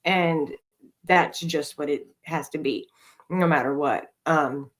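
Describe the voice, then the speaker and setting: A woman in middle age, speaking on a podcast about her recovery. Her voice sits low, and she tells her story rawly and honestly, swearing freely and leaning on fillers. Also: slow. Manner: raw and emotional, frequent swearing and fillers. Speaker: podcast co-host.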